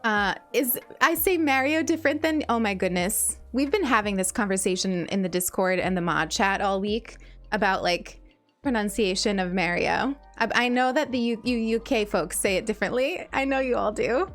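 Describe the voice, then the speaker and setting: A young woman from New York, with a softened New York accent, chats casually with her stream audience while gaming. She is bubbly and talkative, laughs often, and restarts words; her voice is mid-range, with faint music in the background.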